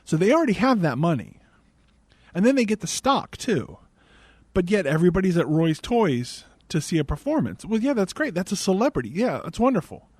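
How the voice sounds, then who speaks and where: A man hosts a podcast and recaps a film in a sarcastic, exasperated way. His voice sits a little high, and the recording is dry and close with no room sound. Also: very animated, brisk, darkish tone, husky, dry recording. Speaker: podcast host. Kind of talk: casual movie recap.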